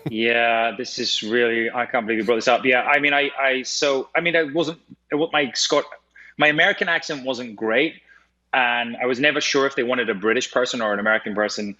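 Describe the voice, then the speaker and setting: Scottish man, bright voice over a video call. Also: medium pitch, brisk. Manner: chatty, laughing, many restarts. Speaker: actor guest. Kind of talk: casual interview chat. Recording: dull lo-fi video call audio.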